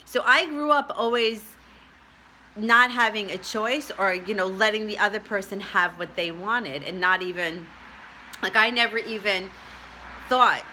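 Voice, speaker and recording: A woman's voice: mid-range voice, a little slow, pushed and bright, a little hiss or hum. A middle-aged woman telling a personal story to camera in a chatty, rambling way, often laughing at herself. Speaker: tarot reader and spiritual vlogger.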